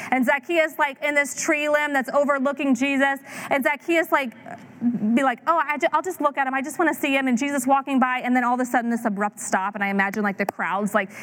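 A woman in her thirties preaching a sermon, telling a story with lively acted-out voices. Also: fairly high pitch. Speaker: pastor.

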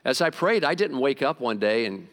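A man's voice: medium pitch, very animated, moderate pace, a bit bright. A male pastor delivering a conversational, emphatic sermon with asides to his congregation. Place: church hall. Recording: long reverb of a large hall.

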